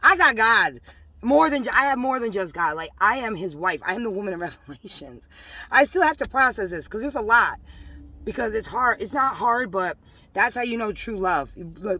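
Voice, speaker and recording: A woman, rambling emotionally about her faith from inside a parked car, mixing loud bursts with hushed asides. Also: lowish voice. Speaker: religious vlogger. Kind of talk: casual spiritual testimony to camera.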